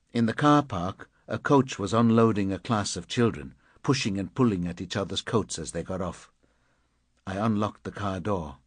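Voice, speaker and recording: A man's voice: low voice, slightly rough, dry recording. A man reading an audiobook in a terse, clipped first-person narration. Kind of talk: scripted narration.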